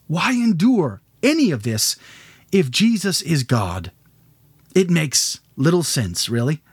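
A man's voice: fairly high pitch, slightly rough, dry recording. A man giving a religious lecture, building up with rhetorical questions and dramatic phrasing.

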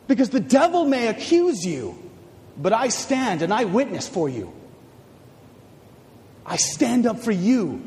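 Male preacher, dramatic sermon, high lively voice, slow deliberate pace, long church reverb. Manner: dramatic, swinging from hushed to shouted.

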